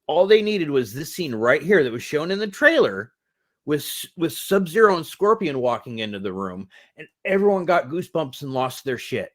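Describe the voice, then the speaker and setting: A man in his forties co-hosting a casual movie review podcast, animated, laughing often and swearing freely. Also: a little high, moderate pace. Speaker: podcast co-host.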